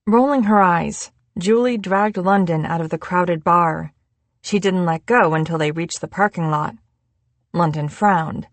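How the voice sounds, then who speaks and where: A woman reading an audiobook in a measured, unhurried scripted narration. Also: on the low side, no echo.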